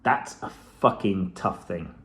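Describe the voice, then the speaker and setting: A man's voice: deep voice, unhurried, a bit bright. A middle-aged man giving a blunt, profane motivational talk to camera, with the odd laugh. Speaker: self-help vlogger.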